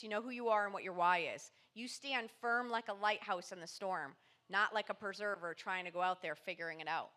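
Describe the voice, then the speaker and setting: A woman's voice: on the high side, bright, forceful tone. A woman mindset coach and motivational speaker in a podcast interview, talking in an emphatic, punchy motivational way.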